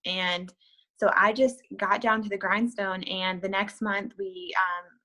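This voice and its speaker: A woman telling her business setback story in an interview, candid and chatty, full of "like" and "you know", leaping up in pitch to act out her past self. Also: fairly even intonation, measured pace, bright, forceful tone, rough recording. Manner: acts out her past self with sudden high-pitched bursts. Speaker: interviewee, network marketer.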